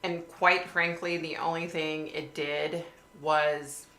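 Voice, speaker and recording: A woman's voice: low-pitched, flat delivery, slow, fairly bright tone. A woman hosting a casual livestream, chatting and reading viewer comments aloud. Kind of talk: casual live chat. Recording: echoey room with faint hiss.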